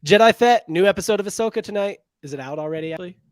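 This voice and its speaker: A man's voice: high voice, rapid-fire, a little mellow, clean tone, dry recording, studio quality. Chatty man hosting a sports podcast. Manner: chatty, jokey, reads out chat names. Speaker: podcast co-host. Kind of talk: casual sports podcast chat.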